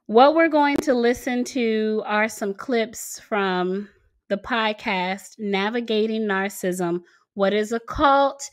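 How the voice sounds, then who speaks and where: A woman's voice: mid-range voice, takes it slowly. A woman in her forties hosting a commentary video, speaking earnestly and pressing her points with emphasis. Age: 40s. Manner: earnest, emphatic, pushes harder when stressing a point. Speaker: channel host. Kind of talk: commentary to camera.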